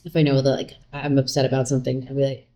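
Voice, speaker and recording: A woman's voice: a bass voice, fast. A woman guest speaking casually and candidly in an interview, often acting out the lines other people said. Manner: candid, animated, acts out quoted lines.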